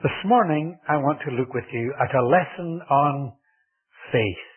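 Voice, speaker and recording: A man preaching a sermon in a measured, deliberate way, drawing out key words for emphasis, with a husky voice. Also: medium pitch. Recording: tinny phone-like old sermon tape.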